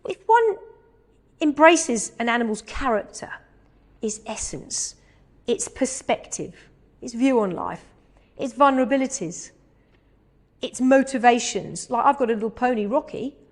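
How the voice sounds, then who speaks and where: Animated English woman telling a story. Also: on the high side. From England. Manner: animated storytelling, slow hushed quoted asides. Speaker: animal communicator giving a talk. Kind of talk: anecdotal talk.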